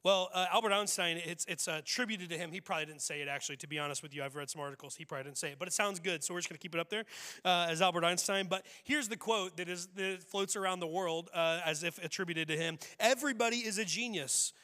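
A pastor with a high, bright voice preaches a loose, joking sermon. He talks to the room as if chatting, often restarting his phrases. His voice carries a long reverb from a church hall. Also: fairly even intonation, fast. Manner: conversational, humorous, frequent restarts. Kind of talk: casual sermon. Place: church sanctuary.

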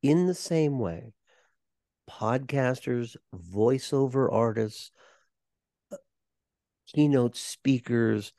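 Very slow and pausing often, an older man at medium pitch shares stories on an interview podcast. He's a performer and voice coach, and his anecdotes come across animated and warm. The studio recording is clean with no room sound.

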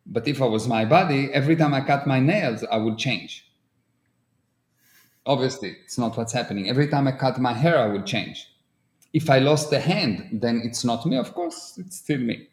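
A man's voice: mid-range voice, moderate pace. A man with an Israeli accent explaining ideas earnestly in a casual podcast chat, using everyday examples and non-native grammar. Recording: roomy echo.

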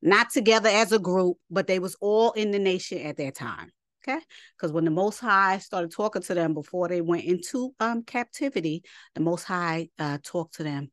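In studio-quality sound with no echo, a female Bible teacher speaks at normal speed in a lowish voice. Her scripture lesson is chatty and colloquial, moving between read passages and side comments.

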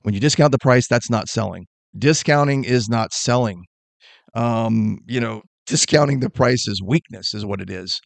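Hosting a sales podcast, a middle-aged man gives a high-energy motivational pep talk that's quick, blunt and emphatic. His mid-range voice has a creaky quality, and there's no room sound in the recording.

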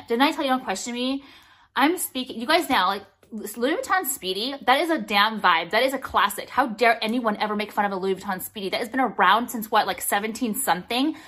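With a slightly high, fairly bright voice, a woman presents a haul to her viewers in a loose, chatty way. She's blunt and profane and breaks into rants now and then.

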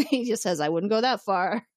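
A woman co-hosting a podcast in casual chat, recapping an episode with lively acted-out lines and frequent laughter. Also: medium pitch, normal speed, no room sound, studio quality. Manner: animated, acts out characters' lines, laughs often. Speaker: podcast co-host.

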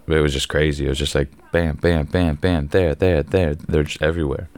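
A young man hosts his own podcast and talks alone in a loose, profane, rambling way. His voice sits very low and stays smooth and resonant. Now and then he breaks into sudden loud bursts. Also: fairly even intonation, fairly quick, dry recording. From Canada. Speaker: podcast host. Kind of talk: casual solo podcast monologue.

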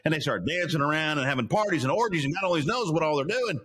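Lively guy preaching casually on his show, bright forceful voice, jumps all over. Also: on the high side, quick pace, few pauses, slightly rough. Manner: animated storyteller, laughing asides. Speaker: host.

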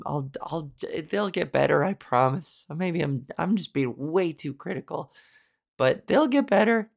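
A woman hosting her own podcast in a rambling, self-deprecating monologue, with a scratchy, slightly sore voice and plenty of swearing. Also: gravelly. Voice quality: scratchy low voice. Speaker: podcast host. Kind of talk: casual solo monologue.

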